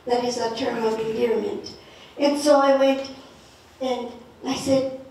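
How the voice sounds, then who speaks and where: A woman telling a personal story in a lively, playful way, mixing in Spanish words. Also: fairly high pitch, a little slow, gravelly, long pauses. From Northern New Mexico. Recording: echoey room, speaker far from mic.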